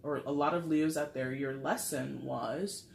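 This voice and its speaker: This tarot reader, a woman with a rumbling low, creaky voice, keeps a steady tone and measured pace as she rambles through a casual reading to camera, heavy on filler words. Her camera mic records a roomy echo along with a little hiss or hum.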